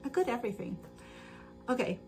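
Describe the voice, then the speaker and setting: Woman rambling on a sewing stream, higher voice, giggles a lot, faint music in the back. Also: expressive, a little fast, darkish tone. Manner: rambling storyteller with filler words; giggly, laughs often. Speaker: livestream host. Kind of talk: casual chat while sewing.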